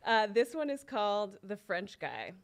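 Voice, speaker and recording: A woman's voice: medium pitch, sing-song, unhurried. A woman at an open mic in an indoor venue, performing a spoken word poem with wry storytelling into a stage mic. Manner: wry storytelling, acting out quoted lines. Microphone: stage microphone.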